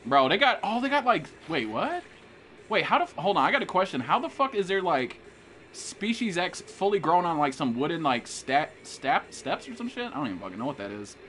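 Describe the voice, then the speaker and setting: Streaming a game live, this young American man hypes things up and swears constantly as he trash-talks and talks to his viewers. He speaks a little fast in a fairly high, very animated voice with a fairly bright tone, and there's a little hiss or hum in the audio.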